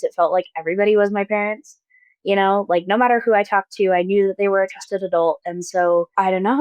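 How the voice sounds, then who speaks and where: A young adult woman on close mic, telling a personal story as an interview guest in a soft, hesitant way, with many likes and restarts. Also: mid-range voice, no room sound. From Mormon-majority town in the US.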